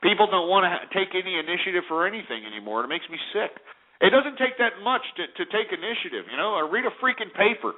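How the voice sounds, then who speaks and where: A man's voice: high-pitched, very animated, fast. A male talk radio host delivering an abrasive, scornful rant full of restarts. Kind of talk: ranting talk radio monologue. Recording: narrow phone-like radio audio.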